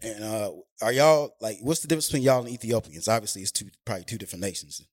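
A man's voice: lowish voice, fast, no echo, studio quality. A man hosting a podcast in casual chat, talking loose and slangy and often asking "you know what I mean". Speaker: podcast host.

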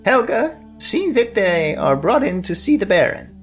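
Brief: a man playing a shrill, self-important society woman in charge, in a tabletop game. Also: big pitch swings, unhurried, soft background music. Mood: eager. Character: fancy bossy upper-class woman in charge.

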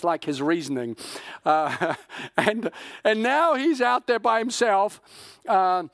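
A male pastor preaching in a fairly high voice, telling the story with lively acted-out quotes and casual fillers. The sound is dry and close. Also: no echo. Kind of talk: sermon.

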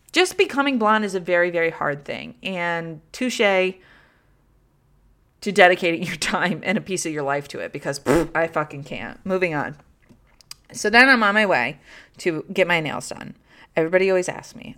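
Woman podcast host, lowish voice, candid casual rambling with curse words. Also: expressive, moderate pace, fairly bright tone. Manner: rambling, filler-heavy, frequent swearing; candid, self-deprecating storytelling. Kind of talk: casual chat.

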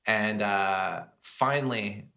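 A man, a chef and guest on a podcast, telling his stories in a casual, animated way with plenty of fillers. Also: fairly low pitch, slow, vocal fry. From United States. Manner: animated, lots of fillers and acted-out quotes. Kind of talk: casual storytelling chat.

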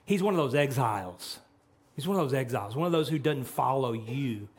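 A man's voice: medium pitch, expressive, a little fast, breathy edge. A man preaching a sermon who retells scripture dramatically and acts out its dialogue. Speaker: pastor.

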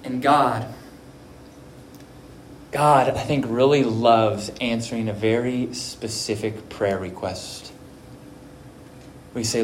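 Brief: earnest male pastor, slow deliberate sermon, roomy echo with faint background noise. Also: mid-range voice. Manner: earnest, swings from soft to emphatic. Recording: echoey room.

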